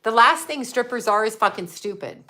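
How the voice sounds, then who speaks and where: A woman's voice: fairly high pitch, lively intonation, normal speed, sharp tone. A middle-aged woman hosting a casual livestream, answering viewer comments bluntly and swearing freely. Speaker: psychic livestream host.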